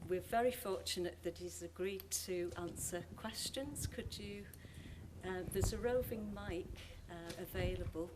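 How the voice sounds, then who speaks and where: A woman's voice: mid-range voice, background noise. A woman chairing a lecture, thanking the speaker and politely organising the questions. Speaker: event chair. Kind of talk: formal announcement.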